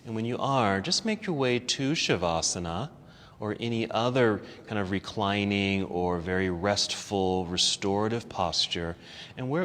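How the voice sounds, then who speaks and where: A man teaching a yoga class, calmly cueing poses step by step and easing toward relaxation, a little out of breath. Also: lowish voice, moderate pace, big-room sound. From United States. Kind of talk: guided yoga class instruction. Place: yoga studio.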